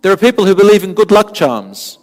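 A man's voice: high-pitched, sing-song, brisk. A man delivering an earnest, emphatic Islamic sermon, repeating phrases for stress. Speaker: Islamic preacher. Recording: long hall reverb, faint music.

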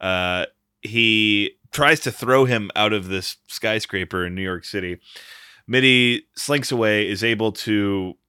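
An Australian man with a lowish, bright and forceful voice, clear and smooth, recapping a film with dry wit in a casual podcast chat. The sound is close and dry. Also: measured pace, no room sound. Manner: recaps plot with wry jokes. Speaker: podcast co-host.

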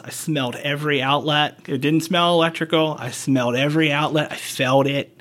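Blunt male medic, higher voice. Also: fairly bright tone. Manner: blunt, profane storytelling. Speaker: medic, podcast guest. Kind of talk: casual conversation.

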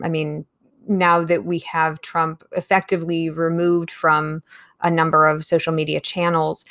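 A woman's voice: low-pitched, fairly bright tone, no echo, clean studio sound. A woman hosting an interview, asking conversational questions with hesitant ums. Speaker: interviewer host.

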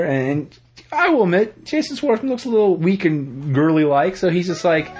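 A man co-hosting a casual podcast, rambling through an animated retelling of a TV episode and acting out the characters' lines. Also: high voice, normal speed, husky. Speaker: podcast co-host.

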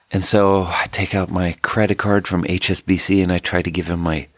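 A man's voice: low voice, steady tone, moderate pace, no room sound, studio quality. A man from Sweden, telling a rambling story in a casual solo monologue full of "like". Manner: casual, meandering, lots of "like".

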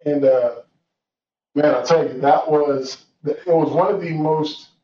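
A man's voice: a little high, steady tone, slow, mellow. A young man telling a personal story in an earnest, reflective way, with many fillers and restarts. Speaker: guest telling his story. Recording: roomy, distant, dull sound with faint noise.

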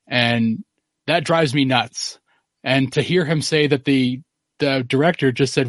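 A man's voice: medium pitch, takes it slowly, pauses often, dry recording, clean studio sound. A man hosting a podcast in casual chat, rambling and opinionated. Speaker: podcast host.

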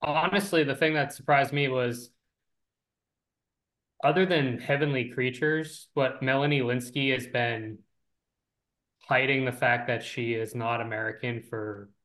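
A man on a casual movie podcast who speaks at an ordinary middle pitch. He shares his opinions candidly and with emphasis, leaning hard on certain words. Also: steady tone, a little slow, pauses often, fairly bright tone, poor audio. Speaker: podcast co-host.

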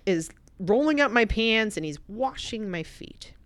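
A woman telling an emotional personal story as a podcast guest, swinging from animated bursts to hushed, reflective passages. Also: mid-range voice, a little slow, no room sound.

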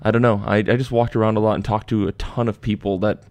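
A man's voice: lowish voice, flat delivery, fast, a little mellow, dry recording. A young man hosting a podcast, telling a story in casual chat and acting out the voices of people he quotes. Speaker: podcast host.

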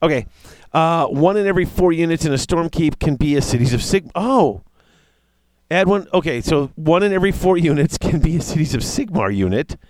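A man in casual chat, reading tabletop game rules aloud and reacting with excitement. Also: fairly high pitch, brisk, no room sound. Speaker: tabletop wargame player discussing rules.

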